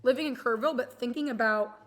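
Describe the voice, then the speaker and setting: A woman's voice: fairly high pitch, quick pace, fairly bright tone. A young woman streamer from Texas chatting casually and rambling, swearing freely and getting emotional as she talks. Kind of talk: casual chat.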